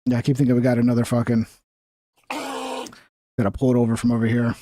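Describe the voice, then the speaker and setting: A man's voice: mid-range voice, big pitch swings, fairly quick, dark tone, no echo. A man hosting a livestream, talking in a blunt, profane, rambling way. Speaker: livestream host. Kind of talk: casual livestream commentary.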